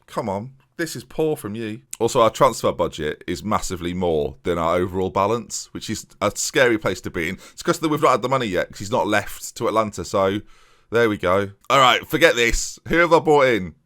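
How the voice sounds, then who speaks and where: A man's voice: on the low side, lively intonation, a little fast, fairly bright tone. A man chatting casually and with self-mockery as he plays a game and talks viewers through his moves, recorded at home. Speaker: gaming YouTuber.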